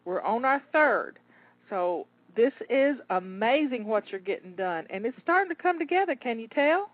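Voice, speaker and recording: A woman's voice: on the high side, lively intonation, moderate pace, no room sound. Upbeat woman coaching over tinny audio. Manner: encouraging, coaching step by step. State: slightly out of breath. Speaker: home organizing coach. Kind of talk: live cleaning pep talk.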